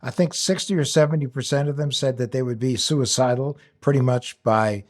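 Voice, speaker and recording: A man co-hosting a podcast, chiming in with quick joking asides. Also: medium pitch, darkish tone. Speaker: podcast co-host. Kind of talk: casual chat.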